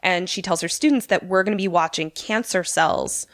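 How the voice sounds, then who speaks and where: A woman's voice: on the low side, moderate pace, vocal fry, no echo, studio quality. A woman podcast co-host casually recapping a movie plot, chatty and full of filler words, swearing now and then.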